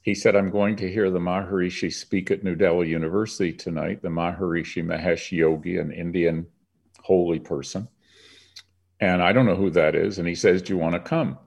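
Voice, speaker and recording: An older man with a very low voice, speaking as an interview guest. He tells his story earnestly and reflectively, from Canada. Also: gravelly, darkish tone, husky.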